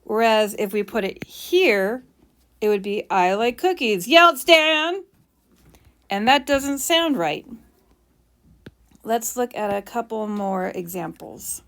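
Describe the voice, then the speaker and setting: A woman's voice: medium pitch, lively intonation, slow. A woman teacher explaining punctuation while writing, with playful mock bragging asides.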